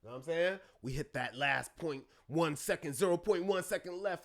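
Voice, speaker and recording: A man talking as a therapist guest on a podcast, animated and acting out his clients' voices. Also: a little high, moderate pace. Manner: animated, acts out clients' voices, calls listeners brother. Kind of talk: podcast conversation.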